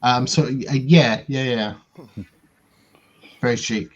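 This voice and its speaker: A man playing in a tabletop game, chatting in a slow, jokey way. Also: mid-range voice, muffled recording. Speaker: player. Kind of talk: tabletop role-play chat.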